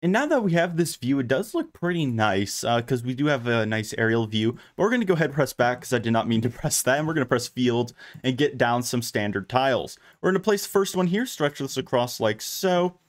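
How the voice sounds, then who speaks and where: A man's voice: medium pitch, very animated, brisk, few pauses. A man hosting a gaming channel, giving casual gameplay commentary as he plays, chatty and thinking aloud with many fillers and restarts.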